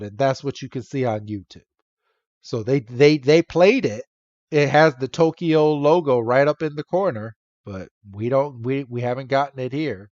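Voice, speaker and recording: A man co-hosting a podcast, recapping a cartoon episode in a wry, animated way with small self-interruptions. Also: fairly high pitch, dry recording. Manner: animated and wry, laughing at his own rants. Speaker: podcast co-host. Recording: dull dry podcast mic.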